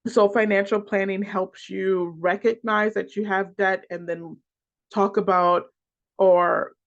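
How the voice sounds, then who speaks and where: A financial coach giving a class lecture, working through a list of points in a halting way with restarts and repeated words. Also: mid-range voice, little pitch movement. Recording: dull lo-fi recording.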